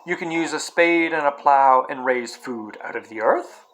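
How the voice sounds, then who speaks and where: A man's voice: a little high, moderate pace, fairly bright tone, natural voice, low-quality recording. Aslan, a man reading a solemn kingly lion. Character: great male lion, solemn, kingly and kind.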